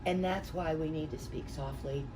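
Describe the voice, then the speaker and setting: Captured by a distant mic amid room noise, a middle-aged woman teaches a small real estate class in a low voice at normal speed. Her intonation stays fairly even while she spins folksy, chatty stories.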